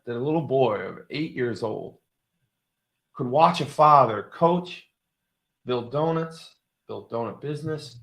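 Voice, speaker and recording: A man in his sixties hosting a motivational talk, telling a story emphatically, with lots of repetition and loud excited bursts. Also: mid-range voice. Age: 60s. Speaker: show host. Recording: roomy echo.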